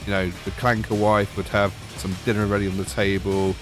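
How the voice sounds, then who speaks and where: A British man with a lowish voice narrates a gaming video in a dry, sarcastic way. Soft music plays underneath. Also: little pitch movement, a little fast. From United Kingdom. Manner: wry, sarcastic. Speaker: gaming YouTuber. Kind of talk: scripted gaming voice-over. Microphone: voice-over.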